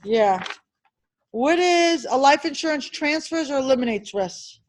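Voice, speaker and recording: A high-pitched woman leads a classroom review, her delivery brisk and insistent. She keeps throwing quick questions at the students and stresses the key points firmly. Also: a little hiss or hum, poor audio. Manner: emphatic and animated. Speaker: insurance licensing instructor.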